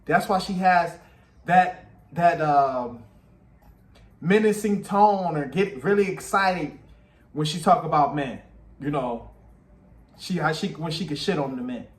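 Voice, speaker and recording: A man with a high voice gives casual reaction commentary. He speaks bluntly and emphatically and repeats his points. The room around him is echoey. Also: animated, measured pace, long pauses. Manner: blunt, repetitive, emphatic opinions. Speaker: commentary host reacting to a podcast clip.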